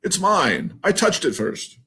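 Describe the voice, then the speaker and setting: A man voicing a proud, stubborn male goose in a picture book read-aloud, earnest and insistent with a raspy voice. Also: high-pitched, very animated, slow, bright, forceful tone, voice pushed up, full character voice.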